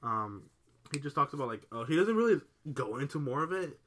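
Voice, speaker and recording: A woman's voice: rumbling low, big pitch swings, a little fast, a bit bright. A woman co-hosting a casual chat, recapping a book in a rambling way, with frequent laughs and casual swearing. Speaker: podcast co-host.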